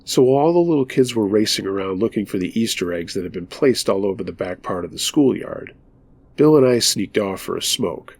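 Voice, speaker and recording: A low-pitched man with a gravelly, husky voice narrates a scary story in calm, measured tones. His delivery is steady and scripted, as if reading to listeners around a campfire. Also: no room sound.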